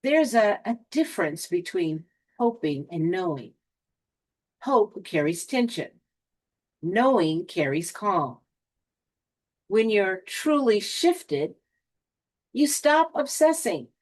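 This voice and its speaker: Slow, deliberate woman giving a spiritual pep talk. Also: medium pitch, big pitch swings. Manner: slow, deliberate delivery with dramatic pauses; lightly sarcastic. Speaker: motivational speaker.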